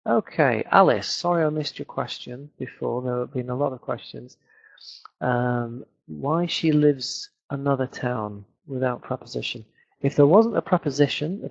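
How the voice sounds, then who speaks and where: A man's voice: medium pitch, vocal fry, husky. A British man, a teacher answering questions in a webinar with many fillers and restarts. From Britain. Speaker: English teacher. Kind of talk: webinar Q&A lesson. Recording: dull lo-fi webinar audio.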